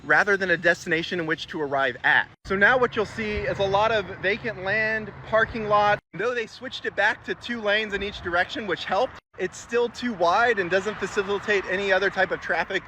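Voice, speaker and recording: Slightly high-voiced man narrating an explainer outdoors, matter-of-fact, faint traffic behind. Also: moderate pace, hardly any pauses, sharp tone. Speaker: urban design explainer. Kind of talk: scripted video narration.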